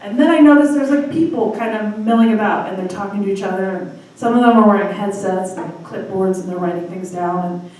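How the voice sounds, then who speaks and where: A woman in her thirties from Michigan hosting a live storytelling night, telling a personal story in a chatty, self-deprecating way with quick asides. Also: medium pitch, a little mellow, recorded from a distance. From Michigan, USA. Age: 30s. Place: live storytelling venue with audience. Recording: echoey room from afar, faint noise.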